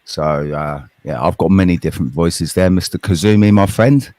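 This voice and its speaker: A man's voice: low voice, normal speed, a little mellow, dry recording. A man on a live panel, teasing the others in casual chat with dry banter. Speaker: panel guest.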